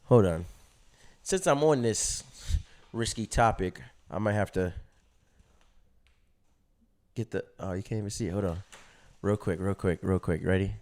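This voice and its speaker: A young adult man casually telling a story on his vlog, animated and slangy, laughing at himself and swearing freely. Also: low voice, measured pace, long pauses. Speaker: vlogger.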